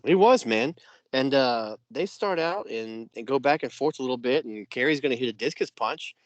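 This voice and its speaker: A man's voice: mid-range voice, lively intonation, moderate pace, no echo. A man co-hosting a casual podcast, eagerly recounting a wrestling match blow by blow, with plenty of "you know" and "yeah.". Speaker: podcast co-host.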